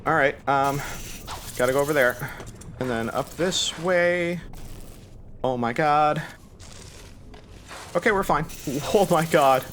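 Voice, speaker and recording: Nervous laughter punctuates the panicky, rambling self-talk of this young gaming YouTuber as he comments live on a video game. His medium-pitched voice has a fairly bright tone, and there's a little hiss or hum on the recording.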